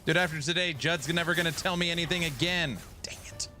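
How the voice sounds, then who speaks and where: Bright-voiced joking male game streamer. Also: on the high side, quick pace, faint music behind. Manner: joking, teasing banter while playing. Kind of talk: live gaming stream chat.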